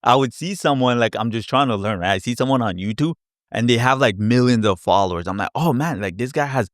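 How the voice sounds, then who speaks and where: A man hosting a casual live Q&A stream, chatty and animated, acting out his past reactions with little sound effects. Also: medium pitch, a little fast, no echo, clean studio sound. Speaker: crypto educator hosting a live Q&A. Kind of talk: casual livestream chat.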